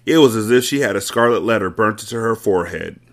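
A man's voice: lowish voice, lively intonation, quick pace. A man hosting a book club podcast, reading a novel aloud and breaking in with wry, joking asides. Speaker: host, book reader. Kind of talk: audiobook-style reading with commentary.

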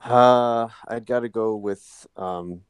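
A man joking crudely and deadpan as a guest in a casual group chat. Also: medium pitch, takes it slowly, clear, resonant tone. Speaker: podcast guest.

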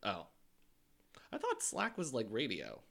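A man's voice: medium pitch, huge pitch swings, a little slow, gravelly, fairly bright tone. A young man co-hosting a podcast in casual chat, throwing out dry, teasing quips. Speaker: podcast co-host.

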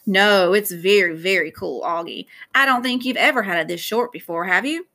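A woman doing a gentle, fond storybook dad. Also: medium pitch, moderate pace. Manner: soft-spoken, teasing, earnest. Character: gentle, affectionate middle-aged father. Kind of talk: audiobook character voice.

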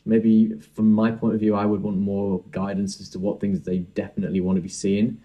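Brit guy podcast host, low voice, lots of ums and restarts. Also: completely flat delivery, fairly quick, muffled recording. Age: young adult. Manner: hesitant, many fillers and restarts. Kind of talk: casual interview chat.

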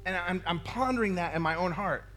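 High-voiced storytelling male pastor. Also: brisk. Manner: storytelling with lively acted quotes, frequent "right?" asides. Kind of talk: sermon.

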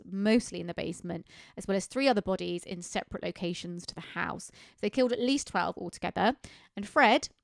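A woman chats her way through true crime cases on a podcast. She talks briskly and conversationally, dropping in offhand remarks. The sound is dry and close, with no room around her voice. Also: mid-range voice, vocal fry, dry recording. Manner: brisk, conversational storytelling with casual asides. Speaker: podcast co-host.

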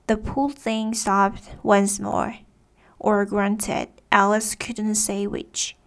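A woman's voice: medium pitch, flat delivery, very slow. A woman narrating a storybook in a careful read-aloud way. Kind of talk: storybook reading.

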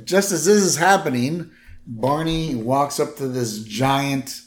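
A man co-hosting a podcast, casually recapping a cartoon episode in a relaxed storytelling way. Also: medium pitch, slow. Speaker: podcast co-host. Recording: roomy echo.

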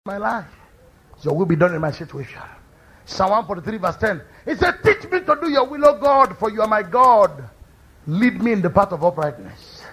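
A man preaching a fervent sermon, swinging from quiet speech to loud cries. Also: animated, moderate pace. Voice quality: high, gravelly and husky, with shouted peaks. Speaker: pastor.

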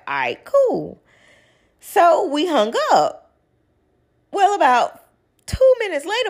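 A young woman, chatting casually at home as she tells a personal story and quotes people's lines. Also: mid-range voice. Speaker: vlogger. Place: home living room.

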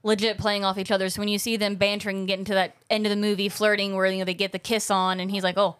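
A woman's voice: medium pitch, racing, clean tone, dry recording. Woman podcast cohost retelling a movie plot, acts out the characters, dry close sound. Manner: animated storyteller acting out characters. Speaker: podcast co-host. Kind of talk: casual chat, retelling a movie.

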